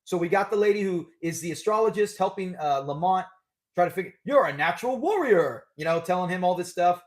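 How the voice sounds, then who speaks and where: A man's voice: sits high, animated, brisk. A man hosting a live trivia stream, talking in a chatty, upbeat way and laughing often. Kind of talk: casual live-stream chat.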